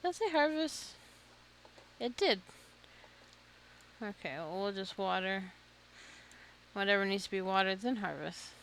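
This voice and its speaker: Female streamer, self-deprecating gameplay chatter, lively pitch that jumps around. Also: a little slow, long pauses, slight background noise. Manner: self-deprecating, muttering to herself, nervous laughter. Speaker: gaming streamer. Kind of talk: casual gameplay commentary.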